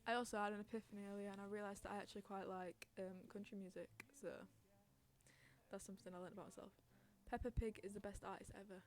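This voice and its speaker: A woman's voice: mid-range voice, fairly even intonation, fast talker. A young woman hosting a casual chat podcast on stream, rambling, giggling and reading out chat messages.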